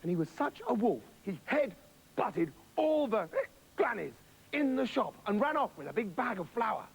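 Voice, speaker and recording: A man's voice: high voice, sing-song, normal speed, vocal fry, breathy edge, poor audio. A man telling a comic children's story, gleeful and anarchic. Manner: gleeful and anarchic, jumping between voices. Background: music.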